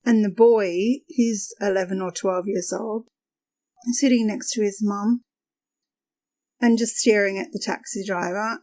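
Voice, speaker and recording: A woman podcast host telling a funny story in a lively, conversational way. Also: mid-range voice, a little slow.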